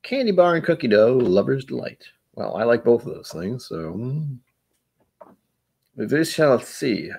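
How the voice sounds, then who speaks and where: Husky, animated man rambling over whiskey. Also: medium pitch, unhurried. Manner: rambling, playful, breaks into humming and silly noises. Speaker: whiskey tasting streamer. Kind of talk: casual live-stream tasting chat.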